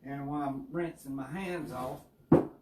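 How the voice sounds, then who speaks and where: A man's voice: mid-range voice, moderate pace, darkish tone. Folksy Southern man in an echoey kitchen. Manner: folksy, easygoing, explains step by step. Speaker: home cook, co-host. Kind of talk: casual cooking demonstration. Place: home kitchen. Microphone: distant mic. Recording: echoey kitchen with far-off mic and faint hiss.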